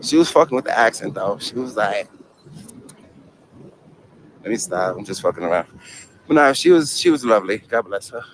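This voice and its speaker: A man's voice: lowish voice, animated, normal speed, long pauses, a little hiss or hum. A young man from New York with a New York accent, talking in a slangy, joking, rambling way outdoors on a city street, swearing freely. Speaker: first amendment auditor. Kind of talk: casual street talk to camera and police.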